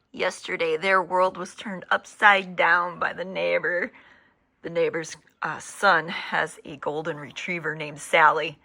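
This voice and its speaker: Chatty husky Midwestern-raised woman vlogger. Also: on the low side, bright, forceful tone. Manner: chatty, rambling, easygoing. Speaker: travel vlogger. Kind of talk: casual vlog chat.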